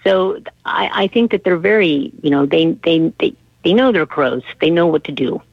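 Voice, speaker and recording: A woman's voice: lowish voice, animated, moderate pace, vocal fry, no room sound. Woman guest on a dull, dry line. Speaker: radio guest, animal communicator. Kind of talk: casual radio interview.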